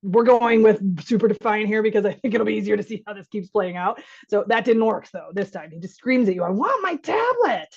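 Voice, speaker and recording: A woman's voice: mid-range voice, a little fast, gravelly. Chatty woman doctor, slightly dull audio. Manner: lively, often laughing, acts out parent and child lines. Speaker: physician leading a caregiver workshop. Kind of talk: conversational workshop talk. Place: online workshop.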